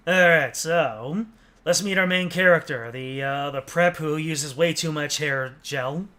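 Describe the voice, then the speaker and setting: A man's voice: a little high, a little slow, sharp tone. A man streaming a game, chatting casually and joking while sometimes reading the game's text aloud in a put-on newscaster voice. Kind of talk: casual let's-play commentary.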